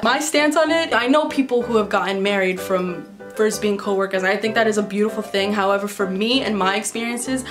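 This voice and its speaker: A woman vlogger from New York answering viewer questions in a candid, chatty way, telling stories with plenty of swearing. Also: medium pitch. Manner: chatty, candid and profane storyteller. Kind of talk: casual Q&A vlog. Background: background music.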